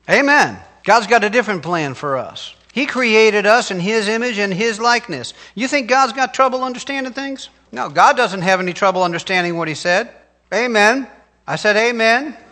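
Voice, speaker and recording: Emphatic high-voiced preaching man. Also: pushed and bright. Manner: emphatic, call-and-response preaching. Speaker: pastor. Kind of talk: sermon.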